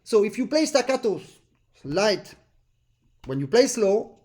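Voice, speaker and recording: A man's voice: high voice, very animated, unhurried, darkish tone. A man with a French accent, a non-native English speaker, teaching a live online accordion master class and singing rhythms with syllables.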